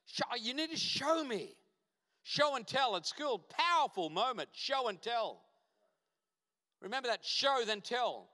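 A man's voice: very high-pitched, big pitch swings, a little slow, sharp tone. A man preaching a sermon as a guest pastor, emphatic and fond of short repeated punchy phrases. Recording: reverberant church hall.

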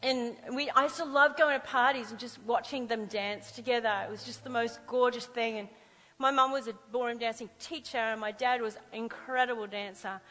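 A woman preacher telling personal stories in a lively sermon, acting out the voices she quotes. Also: a little high, a little fast, big-room sound, poor audio.

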